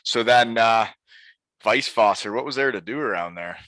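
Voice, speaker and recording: A man's voice: fairly low pitch, moderate pace, bright, forceful tone, no room sound. A man hosting a podcast in casual chat, easygoing and chatty, talking on a close mic. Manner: easygoing, chatty, jokes and puts on mock German phrases. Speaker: podcast host.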